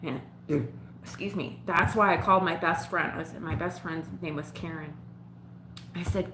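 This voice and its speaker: A woman's voice: on the low side, fairly even intonation, normal speed, pushed and bright, roomy sound, a little hiss or hum, low-quality recording. A woman vlogger telling a personal story straight to her viewers, frank and profane, laughing often.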